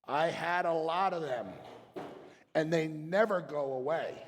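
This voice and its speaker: A middle-aged man giving a blunt, passionate motivational talk to chiropractors, moving between quiet reflection and forceful emphasis. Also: a little high, unhurried, slight background noise. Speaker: chiropractic speaker. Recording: long hall reverb.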